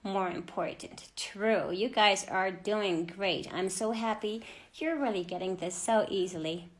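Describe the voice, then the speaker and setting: A woman teaching an English grammar lesson to children, speaking clearly and deliberately and stressing each example word. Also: mid-range voice.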